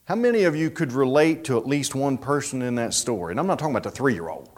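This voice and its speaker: A man preaching a sermon, telling a story in an animated, dramatic way. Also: mid-range voice, fast.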